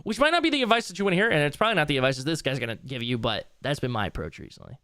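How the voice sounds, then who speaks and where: A man's voice: fairly high pitch, very animated, very fast, sharp tone, clear, resonant tone, no room sound. A young man streaming late into a long session, rambling casually in a loose, tired way and swearing now and then. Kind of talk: casual live-stream commentary.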